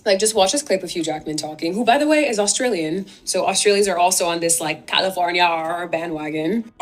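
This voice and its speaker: A woman's voice: on the low side, a little fast. Chatty woman explaining. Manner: animated, chatty, uses "like" a lot. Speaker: social media creator. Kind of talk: casual explainer video.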